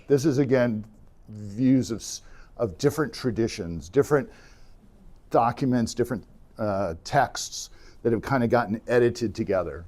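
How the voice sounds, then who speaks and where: A man's voice: mid-range voice, unhurried. A man teaching an adult church class, retelling stories casually and acting out the characters' lines. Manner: animated storytelling, acting out characters' lines with fillers.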